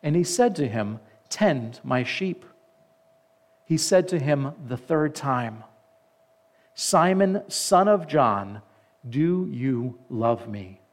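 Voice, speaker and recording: With a medium-pitched, animated voice, a pastor delivers a sermon. He reads scripture aloud, taking the quoted lines more slowly, and breaks off occasionally to comment.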